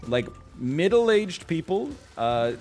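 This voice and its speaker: A man's voice: on the high side, sing-song, takes it slowly, a little mellow, soft background music. A man in his thirties chatting casually on a live stream while gaming, rambling and self-mocking with a wry tone.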